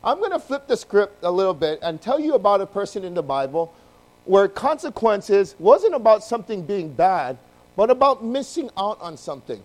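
A man preaching a sermon to his congregation, telling the story in an animated way and acting out the voices. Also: sits high, normal speed, low-quality recording. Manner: addresses congregation directly. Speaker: pastor.

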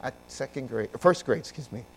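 A man preaching a sermon, moving from quiet, low passages to loud, emphatic ones and asking his listeners questions. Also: lively intonation, a little fast, gravelly, slight background noise. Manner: swings from soft and low to loud and emphatic, asks the congregation questions. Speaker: pastor.

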